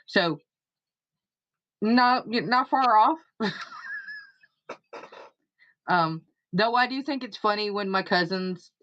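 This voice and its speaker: A woman hosting a live stream in casual chat, rambling and unhurried. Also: medium pitch, fairly bright tone, dull audio. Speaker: stream host.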